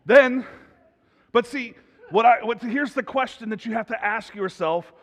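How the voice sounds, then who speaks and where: A man preaching a sermon as pastor, in a conversational, animated way that builds to loud emphasis. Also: very high-pitched, measured pace. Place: church sanctuary. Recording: reverberant church hall.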